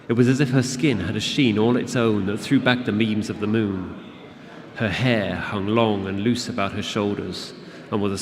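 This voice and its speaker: A man reading his fantasy novel aloud to an audience at a convention, in a steady, measured narration. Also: fairly low pitch. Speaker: author reading his book. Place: convention event room. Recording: long hall reverb with audience.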